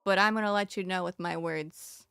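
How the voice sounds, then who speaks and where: Bright-voiced giggly young woman gaming. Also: on the low side, fairly even intonation, moderate pace, gravelly, clear, resonant tone, no room sound. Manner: giggly, flustered, talks to the game. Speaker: streamer playing a horror game. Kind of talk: casual let's-play commentary.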